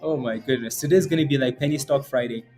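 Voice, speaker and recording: A man's voice: mid-range voice, fast talker, mellow, soft background music. A man hosting a live day-trading stream, chatting and joking over stock charts and tagging "right?" onto many lines. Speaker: day trading livestream host.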